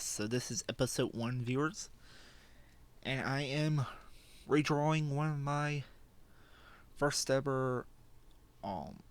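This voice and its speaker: Slow, rambling teenage boy vlogging. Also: mid-range voice. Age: teens. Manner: rambling, self-deprecating, with frequent fillers and laughs. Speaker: channel host. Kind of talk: casual drawing vlog commentary. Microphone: desk microphone.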